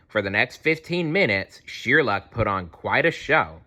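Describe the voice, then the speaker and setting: Slow, lively man reading a picture book. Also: on the low side. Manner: slow, playful storytelling. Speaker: read-aloud narrator. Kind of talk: children's picture book read-aloud.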